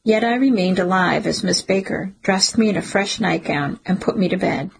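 A woman reading a first-person audiobook in a measured, emotional storytelling manner. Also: medium pitch, vocal fry, breathy edge, low-quality recording. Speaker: audiobook narrator.

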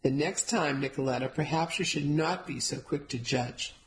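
A woman voicing a kind, wise elderly grandmother, who talks formally, gently and firmly. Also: low voice, moderate pace, slight background noise, close to an everyday voice, rough recording. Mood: gentle. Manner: formal, no contractions, gentle and firm.

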